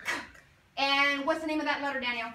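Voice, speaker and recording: A woman teaching a phonics lesson to young children, sounding out words slowly and asking coaxing questions. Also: high-pitched, steady tone, bright, forceful tone. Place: classroom. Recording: roomy classroom from far off, faint noise.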